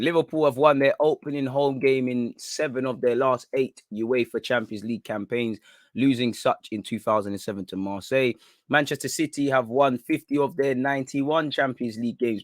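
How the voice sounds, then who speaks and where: A man's voice: medium pitch, dry recording. A young man chats casually with his livestream audience. He teases viewers in street slang and laughs easily. His mid-range voice sounds dry and close, with no room around it. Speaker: football channel host.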